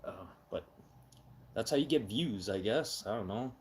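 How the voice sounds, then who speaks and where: A middle-aged man hosting a casual live chat, talking loudly and with heavy emphasis, getting excitable when he has an opinion. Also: on the low side, moderate pace. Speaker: live stream host.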